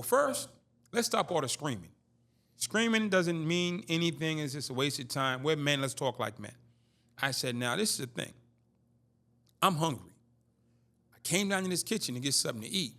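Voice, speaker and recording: A man in his fifties telling a streetwise story in a casual interview, acting out the dialogue. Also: fairly high pitch. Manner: animated, streetwise, acts out dialogue. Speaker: interview guest.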